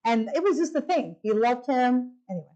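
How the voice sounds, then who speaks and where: Speaking fairly quickly over poor audio, a middle-aged woman recounts her testimony at a church retreat for women. She performs the quoted lines with lively energy, her pitch leaping widely.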